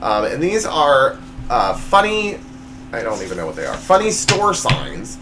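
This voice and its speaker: Animated man hosting a comedy show. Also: measured pace, background noise. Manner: jokey, reads punchlines with big pitch swings. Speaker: show host. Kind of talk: comedy monologue.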